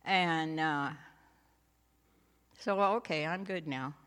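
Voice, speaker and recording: A woman's voice: deep voice, takes it slowly, a bit bright, clean tone. A woman sharing a personal faith testimony at church in a homey storytelling way, laughing now and then and adding asides. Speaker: church speaker giving a testimony. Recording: long hall reverb.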